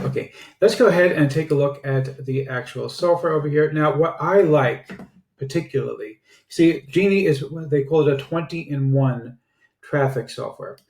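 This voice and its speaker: A man giving a casual product review and sales pitch, chatty and sprinkled with filler "uh"s. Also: gravelly, darkish tone. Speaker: online marketer reviewing software. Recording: roomy echo.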